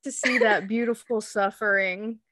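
A woman's voice: mid-range voice, steady tone, moderate pace, a bit bright. A woman co-hosting a podcast in casual chat, making wry, laid-back jokes. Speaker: podcast co-host.

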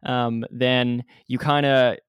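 A man's voice: mid-range voice, level tone, slow pace, clean tone, no echo. A man co-hosting a casual movie review chat, thoughtful and rambling. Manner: thoughtful, rambling, many fillers. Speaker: podcast co-host.

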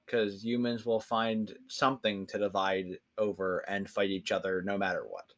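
A man's voice: on the low side, flat delivery, normal speed, fairly bright tone. A young man hosting a podcast, ranting casually in a profane, rambling, emphatic way. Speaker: podcast host. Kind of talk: casual rant.

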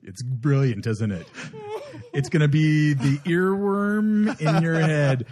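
A woman co-hosting a casual podcast chat, playful and teasing, quick to laugh. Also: low voice, darkish tone. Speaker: podcast co-host.

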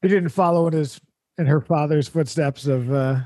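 A man co-hosting a podcast, chatting casually with dry, deadpan quips. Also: fairly high pitch, moderate pace, dry recording. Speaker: podcast co-host. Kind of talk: casual comedic chat.

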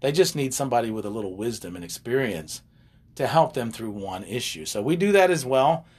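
Husky, animated older man telling stories. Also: mid-range voice, brisk. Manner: animated, wanders into side stories and jokes. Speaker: relationship coach and co-host. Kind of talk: casual storytelling chat.

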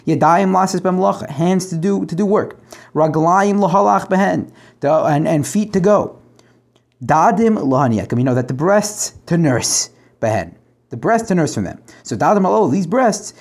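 A man's voice: a little high, darkish tone. A man teaching a Talmud page aloud, translating line by line, asking rhetorical questions and restarting phrases.

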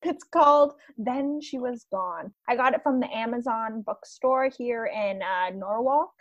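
A woman's voice: a little high, a little slow, lo-fi sound. Easygoing woman in her twenties, chatting. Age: 20s. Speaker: podcast co-host. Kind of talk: casual chat among friends on a video call. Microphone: video call.

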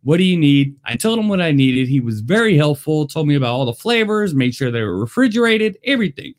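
A man chatting excitedly in a casual taste-test vlog, talking to his viewers. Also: on the high side, brisk. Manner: excitable, chatty, lively delivery. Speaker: vlogger. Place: Las Vegas.

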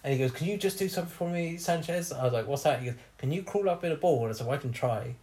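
A man's voice: fairly high pitch, lively intonation, rapid-fire, a little mellow. A young man telling a bawdy story on a casual podcast, laughing often as he acts out what people said.

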